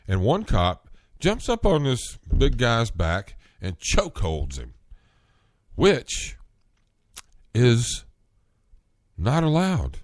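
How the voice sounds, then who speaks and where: A man hosting a solo podcast, talking in an earnest, rambling way, getting worked up and rising in pitch at times. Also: wildly swooping pitch, extremely slow, pauses often, dry recording. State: coughing, clearing throat. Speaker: podcast host.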